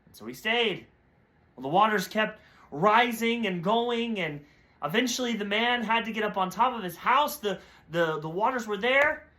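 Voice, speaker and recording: A man with a high, bright voice delivers a short devotional message. He tells a parable in a storytelling way, briefly voicing its characters before he draws the lesson. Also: lively intonation, normal speed. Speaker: preacher.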